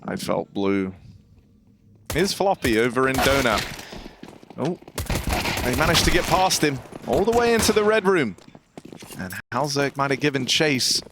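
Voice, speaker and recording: Male play-by-play caster, playful and teasing, loud gunfire from the game behind. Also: medium pitch, animated, moderate pace, long pauses, noisy background. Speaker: esports caster. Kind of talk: play-by-play commentary.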